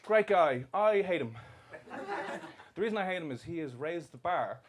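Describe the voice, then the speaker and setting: A man's voice: fairly high pitch, expressive, normal speed. A man doing live stand-up comedy, bantering and swearing with the crowd in a mocking, brash way. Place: comedy club stage. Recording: live club recording with crowd noise. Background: crowd laughter.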